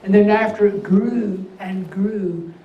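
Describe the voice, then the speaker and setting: An older man with an unusually high voice doing a stand-up comedy set, delivering deadpan one-liners with pauses before each punchline. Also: gravelly, muffled recording. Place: veterans' hall event room. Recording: echoey hall, mic far off, faint hum.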